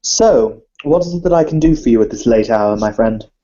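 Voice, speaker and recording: A man voicing a calm, polished aristocratic vampire banker who speaks with formal, courteous phrasing. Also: mid-range voice, brisk, highs cut off, close to an everyday voice. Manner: courteous, formal, slightly fussy with hesitations.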